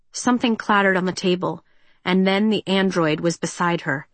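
A woman narrates a novel in a measured, even manner. Her voice sits on the lower side and is recorded dry and close. The delivery is steady scripted storytelling. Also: no room sound. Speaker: audiobook narrator.

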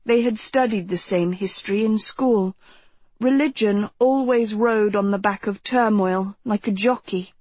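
A woman reading a novel aloud as audiobook narrator, steady and unhurried. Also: medium pitch, slightly rough, dry recording. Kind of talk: scripted narration.

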